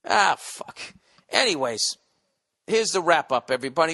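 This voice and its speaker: A man's voice: a little high, moderate pace, pauses often, sharp tone. A middle-aged man hosting a solo podcast, ranting profanely and sarcastically while he reads listener mail and mocks himself. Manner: profane, sarcastic, self-mocking rants. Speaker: podcast host.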